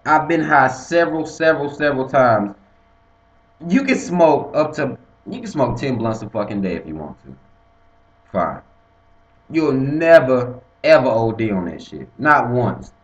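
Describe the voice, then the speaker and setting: A man's voice: medium pitch, a little slow. Profane man ranting in an echoey room. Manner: animated, swearing freely, repeats himself. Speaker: vlogger. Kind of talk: profane casual rant to camera. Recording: echoey room, dull lo-fi sound.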